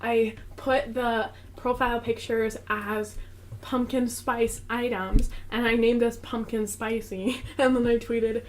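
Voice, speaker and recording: A woman's voice: on the high side, little pitch movement, slow pace. A young woman co-hosting a podcast in casual chat, giggly and chatty with lots of "like". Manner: giggly, chatty, uses "like" often. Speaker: podcast co-host.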